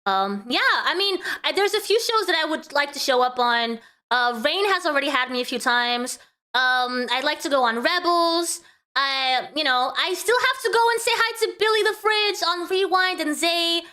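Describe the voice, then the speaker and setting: A high-pitched woman with a bright, ringing voice hosts a casual commentary stream. She chats loosely with her viewers and breaks into laughter often. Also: lively intonation, normal speed. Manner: chatty, laughs often, talks to chat. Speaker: vtuber host.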